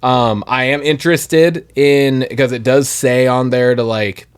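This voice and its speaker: A man's voice: mid-range voice, fairly even intonation, a little slow, clean tone. A man co-hosting a podcast in casual chat, rambling and laughing often as he trails off and restarts. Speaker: podcast co-host. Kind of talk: casual chat tasting a drink.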